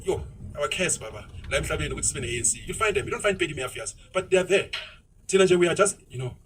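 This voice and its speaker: A South African man speaking fast and outspokenly while driving, dropping Zulu words into a casual opinionated monologue. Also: on the high side, animated, a bit bright, recorded from a distance, a little hiss or hum, rough recording. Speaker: vlogger. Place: inside a moving car.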